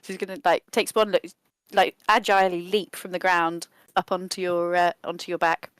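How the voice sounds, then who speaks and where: A woman's voice: fairly low pitch, little pitch movement, moderate pace, clean tone, no room sound. Chatty woman playing a tabletop game. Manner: chatty, laughing, thinking aloud. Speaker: player.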